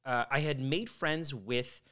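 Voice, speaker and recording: A man's voice: medium pitch, slow pace, sharp tone, clean tone. A young man from Montreal, a podcast guest in a studio, telling his story in a loose, casual way with plenty of swearing. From Montreal, Canada.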